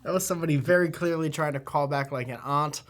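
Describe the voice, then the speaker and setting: A woman's voice: deep voice, quick pace. A woman co-hosting a casual comment-reading chat, joking and laughing often. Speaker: show host.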